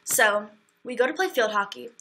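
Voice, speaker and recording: A woman's voice: on the high side, expressive, sharp tone, slight background noise. A young woman livestreaming, telling a long story in a chatty way, full of fillers and acted-out quotes. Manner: chatty, quick, acts out quotes, many fillers. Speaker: livestream host.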